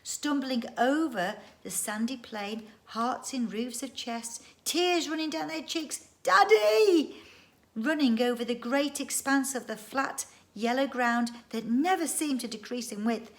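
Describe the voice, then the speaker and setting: A woman reading a children's book aloud at home, lively and expressive, doing the characters' voices. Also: fairly high pitch. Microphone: phone or webcam.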